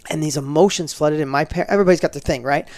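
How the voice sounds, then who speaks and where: A man's voice: on the high side, racing, no room sound. A middle-aged man, a guest in an interview, telling a personal story emphatically and acting out the dialogue. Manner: emphatic, animated, acts out quoted dialogue.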